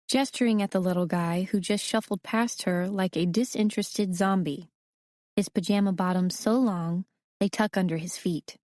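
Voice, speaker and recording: Low-voiced woman narrating an audiobook. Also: normal speed, no echo, clean studio sound. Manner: steady, conversational storytelling. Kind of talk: first-person scripted narration.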